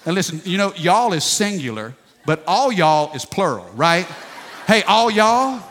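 A man's voice: a little high, very animated, moderate pace, fairly bright tone, a little hiss or hum. A pastor in his forties preaching a sermon, folksy and emphatic, calling for responses from the congregation. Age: 40s. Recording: long reverb of a large hall.

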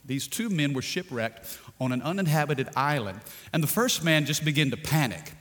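Joking pastor preaching in a reverberant church. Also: male voice, on the high side, lively intonation, moderate pace, a bit bright. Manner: jokey, talks to the congregation, repeats himself. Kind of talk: sermon. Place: church sanctuary. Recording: long hall reverb.

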